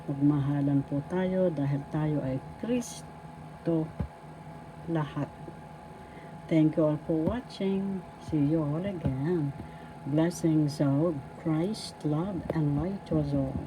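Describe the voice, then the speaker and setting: A woman from the Philippines teaching a language lesson, sounding words out slowly syllable by syllable. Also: low-pitched. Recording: clear vehicle noise behind.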